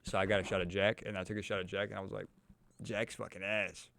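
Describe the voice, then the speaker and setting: A man's voice: low-pitched, little pitch movement, fast, gravelly, a bit bright, a little hiss or hum. A young man with a Louisville, Kentucky accent, chatting casually on a podcast, running his sentences together and swearing freely. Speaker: podcast host.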